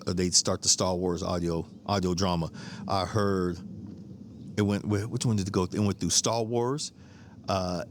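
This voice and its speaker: A man's voice: sits low, slight background noise. A middle-aged man hosting a podcast, telling stories in a rambling, casual way, repeating words, laughing often and swearing freely. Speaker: podcast host. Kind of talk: casual storytelling monologue.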